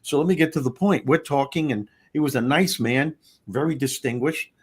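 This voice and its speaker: Husky middle-aged New storyteller man. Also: medium pitch, moderate pace. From Long Island, New York. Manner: animated, conversational, repeats words. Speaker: host. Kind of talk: personal storytelling on a talk show.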